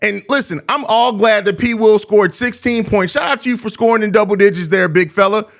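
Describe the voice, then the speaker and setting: A young man with a very high-pitched voice delivers a live-stream postgame rant. He is exasperated and profane, and he leans on slang, drawing out his complaints again and again. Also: brisk. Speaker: host of a live postgame show.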